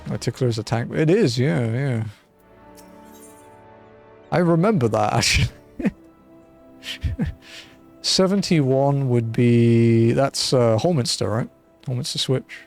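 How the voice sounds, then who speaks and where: A man's voice: mid-range voice, takes it slowly, pauses often, darkish tone. Laid-back joking male streamer. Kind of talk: casual gaming commentary. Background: faint game music.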